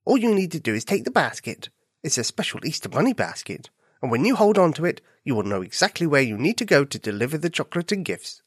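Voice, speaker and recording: This is a sick, miserable male bunny in a bedtime storybook, with a stuffed-up, sniffly voice. He speaks wearily and quietly, a man acting him out, with a close, dry sound. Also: a little high, big pitch swings, quick pace, breathy edge, no echo. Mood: weary. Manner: weary, sniffly and subdued.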